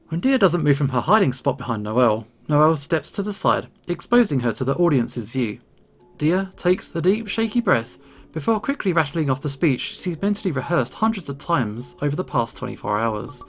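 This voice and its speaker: A man's voice: a little high, moderate pace, faint music behind. Man narrating a visual novel. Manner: plain steady narration. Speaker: gaming channel host. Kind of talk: reading a visual novel aloud.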